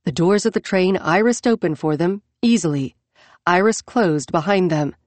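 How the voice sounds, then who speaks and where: A woman reads an audiobook in a steady, measured storytelling style. Her voice sits fairly low, and there's no room sound in this scripted narration.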